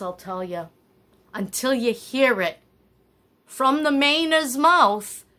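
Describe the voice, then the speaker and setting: A middle-aged woman telling stories in a chatty, wandering way with animated asides. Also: mid-range voice. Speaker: vlogger. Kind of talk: casual storytelling.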